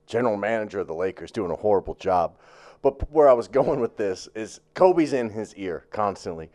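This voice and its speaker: A man with a fairly low voice co-hosts a casual sports talk show. He rambles and swears freely, piling up fillers and restarts as he goes. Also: lively intonation, a little fast, dark tone.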